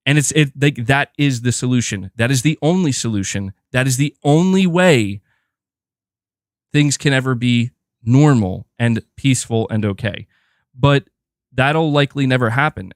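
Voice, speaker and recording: A man's voice: medium pitch, no echo, clean studio sound. Ranting man hosting a gaming stream. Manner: animated rant, heavy filler words, swears freely. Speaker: gaming podcast host. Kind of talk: casual livestream commentary.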